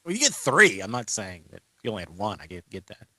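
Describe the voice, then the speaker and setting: A man's voice: lowish voice, wildly swooping pitch, fast talker, bright, forceful tone, no echo. A man, co-hosting a casual podcast, rambling and asking lots of questions. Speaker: co-host.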